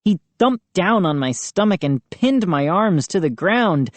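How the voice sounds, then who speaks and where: A woman narrating a children's horror audiobook in a measured storytelling manner. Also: fairly low pitch, expressive, no room sound. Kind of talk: audiobook reading.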